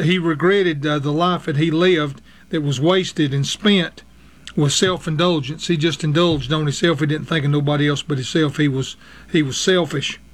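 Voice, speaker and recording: Man preacher, slightly higher voice, earnest sermon delivery, fillers between scripture readings. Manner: earnest, halting with frequent fillers, reads scripture in King James wording. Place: radio broadcast.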